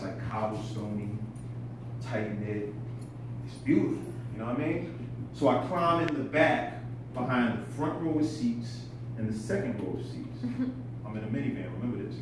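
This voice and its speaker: A man telling a story in a stand-up comedy set, laughing at his own tale and swearing freely. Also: medium pitch. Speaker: stand-up comic. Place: comedy club stage. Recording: echoey room, distant mic, background noise.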